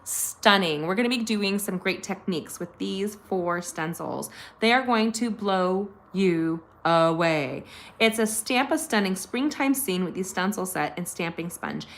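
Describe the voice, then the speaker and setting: A woman's voice: medium pitch, lively intonation, unhurried. Middle-aged woman, craft host at home; bubbly and gushing, chats straight to her viewers. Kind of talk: chatty live craft tutorial.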